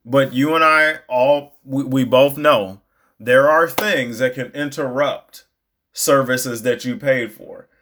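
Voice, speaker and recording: A man's voice: medium pitch, slow, a bit bright, a little hiss or hum. A man talks in a loose, conversational monologue, leaning hard on his points. He fills the gaps with plenty of likes and you knows. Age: adult. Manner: conversational, emphatic, lots of fillers. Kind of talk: casual monologue.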